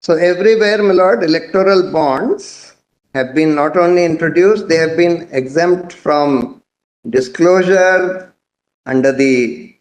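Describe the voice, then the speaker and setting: A man with an Indian accent arguing a case before a court, explaining points in a measured, methodical way and formally addressing the bench. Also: fairly high pitch. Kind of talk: courtroom legal argument. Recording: echoey courtroom audio.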